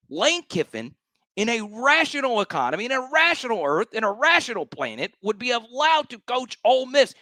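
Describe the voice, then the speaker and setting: A man's voice: very high voice, sing-song, normal speed, bright, forceful tone, no echo. A man hosting a sports talk show, ranting with emphatic, exasperated repetition.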